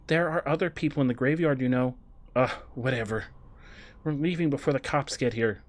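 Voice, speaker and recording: A man with a slightly blocked, nasal sound streams a game, chatting casually and reading its lines aloud. His voice sits in an ordinary middle pitch, and it jumps loud and high when he greets his viewers. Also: animated, a little fast. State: stuffy nose. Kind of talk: casual gameplay commentary, reading dialogue aloud.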